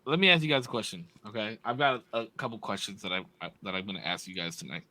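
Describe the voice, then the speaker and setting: A man's voice: on the low side, fast talker, bright, forceful tone, dry recording. A young man co-hosting a casual podcast, asking the questions with blunt, teasing jabs and free swearing. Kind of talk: casual chat.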